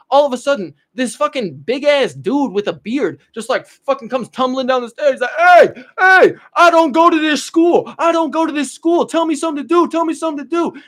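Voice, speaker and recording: High-voiced young man streaming, profane and rambling. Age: young adult. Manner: profane, rambling, trailing off into mumbles. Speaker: livestreamer. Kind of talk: casual livestream chat and storytelling.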